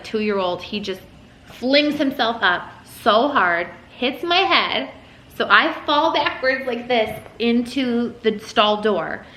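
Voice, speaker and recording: A woman's voice: mid-range voice, bright, forceful tone, reverberant, a little hiss or hum, poor audio. A young woman vlogger casually telling a story at home while folding laundry, full of "like" and "um". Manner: chatty, lots of "like" and "um". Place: room at home.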